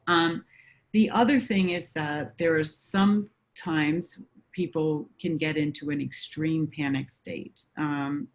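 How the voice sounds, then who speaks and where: Measured woman counselor explaining calmly. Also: lowish voice. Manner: measured, explaining, with many fillers. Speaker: mental health counselor. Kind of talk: explanatory conversation.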